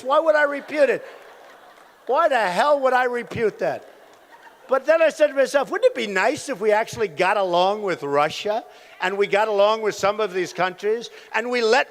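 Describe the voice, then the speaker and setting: A man in his sixties speaks from a podium at a large rally, with a rather high pitch for a man. He rambles through anecdotes, repeats himself and throws asides to the crowd. The hall leaves a long, echoing tail on his voice. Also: a bit bright. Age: 60s. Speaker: presidential candidate at a campaign rally. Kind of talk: campaign rally speech. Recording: echoey hall sound from a rally venue.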